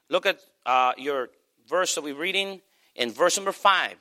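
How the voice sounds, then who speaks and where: Middle-aged guy preaching, bright forceful voice, pitched a bit high, repeats stuff for emphasis. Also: animated, brisk. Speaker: pastor. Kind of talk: sermon.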